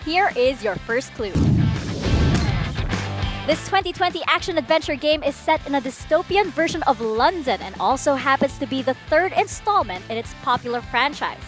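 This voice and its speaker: A woman co-hosting a gaming show, chatting with her partner and introducing a segment. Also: high-pitched. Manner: lively, chatty, laughs along. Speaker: show co-host. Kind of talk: casual chat and scripted segment intro.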